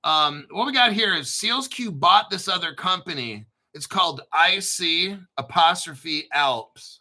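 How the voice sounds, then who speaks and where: Rambling man with a very bright voice. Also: sits high, expressive, a little slow. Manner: rambling, frequent throat clearing, swears casually. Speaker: crypto show host. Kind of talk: casual commentary to camera.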